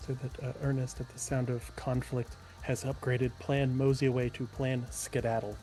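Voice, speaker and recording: A man's voice: mid-range voice, little pitch movement, moderate pace, dark tone, soft background music. A man playing a tabletop role-playing game who patiently explains the dice rules to the others. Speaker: player. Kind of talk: casual tabletop play.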